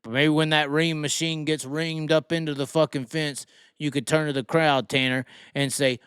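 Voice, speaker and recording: Guy ranting about racing on his stream, cussing a lot, clear voice, kinda high. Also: level tone, moderate pace, a bit bright, dry recording, clean studio sound. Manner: heated, swearing, mocking. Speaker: racing show host. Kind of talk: profane opinion rant on livestream.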